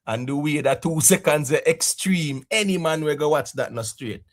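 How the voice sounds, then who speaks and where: A young adult Jamaican man hosting a casual live stream, laughing often and giving shout-outs to viewers in patois. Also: a little high, moderate pace.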